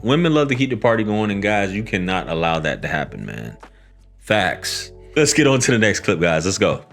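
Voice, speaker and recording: Blunt low-voiced man commenting on clips. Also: very animated, moderate pace, vocal fry, soft background music. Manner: blunt, preachy, addresses the men in his audience directly. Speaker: podcast host reacting to clips. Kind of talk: casual commentary.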